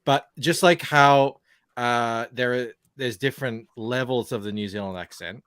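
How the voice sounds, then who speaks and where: A man with a General Australian accent chatting casually on a podcast, talking in a relaxed way with restarts. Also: mid-range voice, a little slow, smooth, dry recording. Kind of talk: casual chat.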